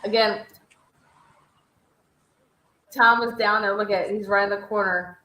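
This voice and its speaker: An upbeat woman hosting a livestream with playful, cheering energy. Her voice sits at an ordinary middle pitch for a woman. The room around her rings with a clear echo. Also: steady tone, a little fast, sharp tone. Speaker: livestream host. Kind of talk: casual live chat. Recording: echoey room.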